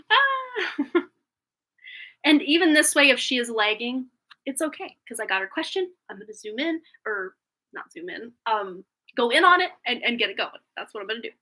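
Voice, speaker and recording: A woman's voice: on the high side, very animated, moderate pace, bright, forceful tone. A woman reading tarot on a live stream, chatting casually in a rambling way with frequent laughs, a little phlegmy after being sick.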